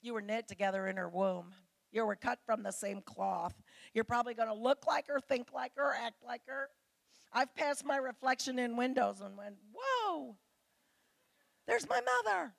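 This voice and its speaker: A woman's voice: on the high side, moderate pace, vocal fry, dry recording. A middle-aged woman preaching a sermon to women, earnest and pleading as she speaks straight to her listeners.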